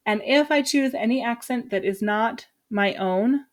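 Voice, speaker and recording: A woman from Utah, a teacher, chatting casually and lively as she walks through her lesson plan with quick asides. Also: on the high side. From Utah, USA.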